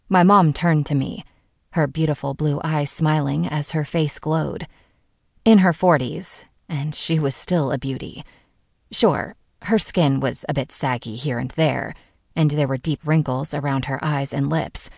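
A woman narrates a first-person story with a wry, sardonic edge. Her voice is low and gravelly. The recording is close and dry, with no room sound. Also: dry recording. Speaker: audiobook narrator.

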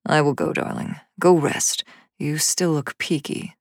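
A woman voicing a tall, affectionate father who speaks in a low, easy, gently amused way in a storybook reading. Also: steady tone, unhurried, no room sound, clean studio sound. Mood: fond.

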